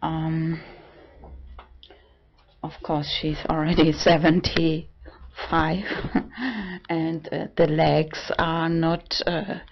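A trans man in his forties talking casually in a vlog. He is halting and often breaks into laughter. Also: fairly high pitch, level tone, gravelly, dull audio. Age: 40s. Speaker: vlogger.

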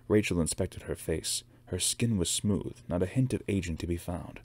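A man reading a novel aloud with steady narration. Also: deep voice, moderate pace, breathy edge. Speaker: reader.

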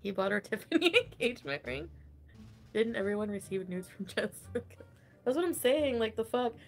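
A woman's voice: fairly high pitch, expressive, fairly quick, faint music behind. A woman streamer in casual livestream chat, gossiping with lots of giggles, swearing and "like" fillers. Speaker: online streamer.

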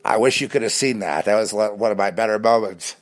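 A man talking in a rambling, animated casual monologue with many restarts. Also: fairly low pitch, fairly quick.

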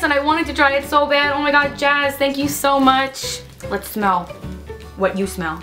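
A woman's voice: high voice, steady tone, moderate pace, pushed and bright, soft background music. A young woman vlogging casually at home, bubbly and gushing, squealing with delight as she talks. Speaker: beauty vlogger. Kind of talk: casual unboxing vlog.

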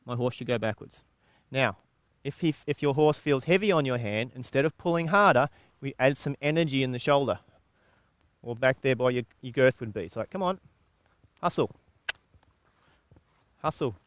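A man's voice: medium pitch, no room sound. Aussie guy explaining horse training, easygoing chatty talk, dry close sound. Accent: Australian. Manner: relaxed, conversational explaining, pauses and restarts. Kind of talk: instructional video talk.

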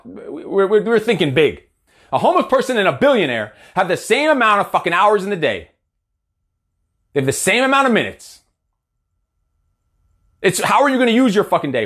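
A man's voice: sits high, a bit bright. A man in his forties, a coach giving a blunt, profane, fired-up motivational talk. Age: 40s. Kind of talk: motivational monologue.

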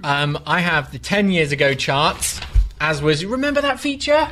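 A British man co-hosting a live podcast, chatty and self-mocking. His voice sits a little high. Faint background noise comes from the event room. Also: animated, moderate pace, sharp tone. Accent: British English. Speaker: co-host. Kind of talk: live comedy podcast banter.

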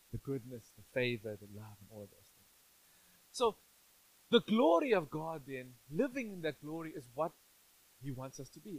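A man's voice: fairly high pitch, rough recording. Playful pastor preaching to his church. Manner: conversational and playful, asks the congregation questions. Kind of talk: sermon.

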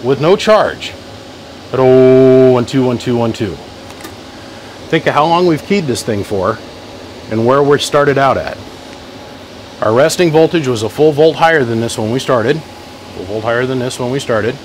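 A man talking loudly in his workshop, running a live-stream battery test, calling out "one, two" mic checks and greeting viewers by name. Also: medium pitch, a little hiss or hum, low-quality recording. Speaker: host testing a car-audio battery. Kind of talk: casual live-stream demo. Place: workshop garage. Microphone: phone mic for live feed plus chest mic.

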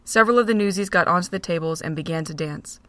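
A woman narrating a fan-made audio drama in a steady storytelling manner. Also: on the low side, fast, dry recording.

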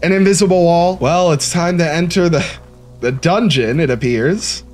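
A young man giving let's-play commentary on a horror game, excitable and swearing, breaking into panicky yelps when scared. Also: on the high side, moderate pace, soft background music. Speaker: gaming YouTuber.

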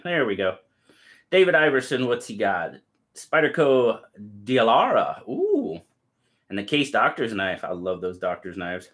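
A man hosting a live stream, cheerfully greeting and thanking viewers by name and reading their comments aloud in quick lists. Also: mid-range voice, fairly bright tone. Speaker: livestream host.

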